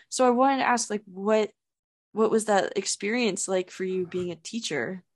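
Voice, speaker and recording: A woman's voice: medium pitch, normal speed. A young woman hosting an interview podcast, chatty and casual, often saying "like". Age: young adult. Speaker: podcast host.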